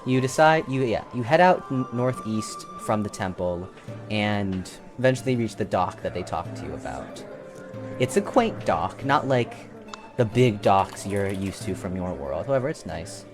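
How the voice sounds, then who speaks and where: A young man runs a tabletop game, his voice sitting fairly low as he narrates. He stops and restarts often, filling the gaps with ums, while background music plays clearly behind him. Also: lively intonation. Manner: halting, many ums and restarts. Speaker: game master.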